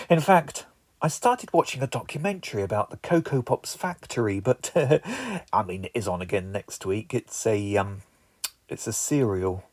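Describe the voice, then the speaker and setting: Male comedy poet-host, wry and rhythmic, lively pitch, unhurried. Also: dry recording. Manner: wry, rhythmic delivery with playful asides. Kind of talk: comic poetry performance.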